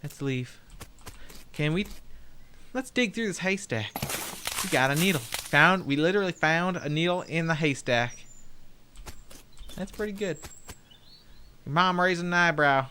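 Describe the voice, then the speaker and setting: A man's voice: fairly high pitch, animated, unhurried, pauses often, pushed and bright, slight background noise. A young man streaming a game, playfully commenting and reading dialogue aloud. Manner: playful, jokey, laughs often.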